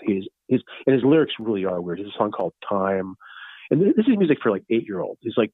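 A man in his fifties, a guest calling in, talking in a loose, rambling and excited way, full of "you know" and "far out". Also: lowish voice, quick pace, slightly rough, dry recording. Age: 50s. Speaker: guest, founder of a fun-based religion. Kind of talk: casual phone interview. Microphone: phone. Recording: tinny phone line.

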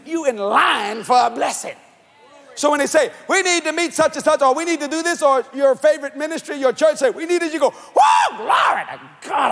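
A man preaching a sermon to a convention crowd, shouting and swinging his pitch up and down. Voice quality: husky. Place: large church or convention hall. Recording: long hall reverb.

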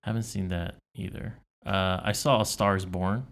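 A young man co-hosting a podcast, relaxed and quick to laugh. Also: low-pitched. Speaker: podcast co-host. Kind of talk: casual chat.

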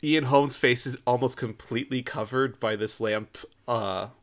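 A man's voice: mid-range voice, normal speed, a bit bright. A man co-hosting a podcast, talking through a film in a casual, analytical way with some hesitant fillers. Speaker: podcast co-host.

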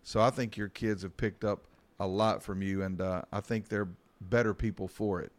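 A man, a pastor co-hosting a podcast, telling a story in a calm, measured way. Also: fairly low pitch. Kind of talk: casual chat.

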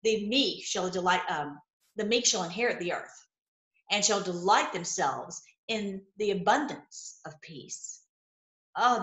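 A middle-aged woman with a fairly high voice preaches from scripture, reading a verse and then pressing the point with repeated lines. She breaks into excited exclamations. The room around her is echoey and reverberant. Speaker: online Bible teacher.

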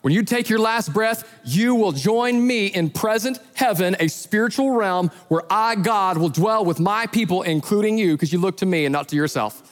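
Pastor preaching with a bright high voice. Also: male voice, moderate pace, few pauses, big-room sound. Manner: animated storyteller who acts out voices in his retellings. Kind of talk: sermon.

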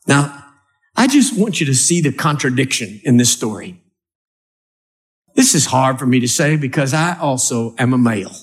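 A male preacher with a voice on the high side speaks at a moderate pace, delivering a humorous sermon to a live church audience. He reads scripture and tells stories animatedly, acting out scenes.

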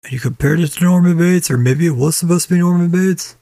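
A man's voice: fairly high pitch, fast talker, vocal fry, mellow, no room sound, clean studio sound. A man co-hosting a casual chat, blunt and sardonic, swearing heavily. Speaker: podcast co-host.

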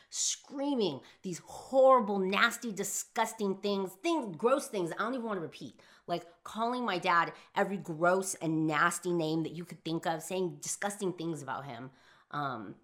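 A young woman telling a personal story in an emphatic, profane monologue, swinging from hushed to shouting. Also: fairly low pitch. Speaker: philosophy vlogger.

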